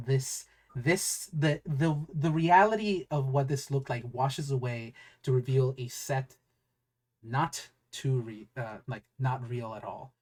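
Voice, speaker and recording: A man narrating as game master of a tabletop game, rambling and searching for words with many fillers. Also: medium pitch.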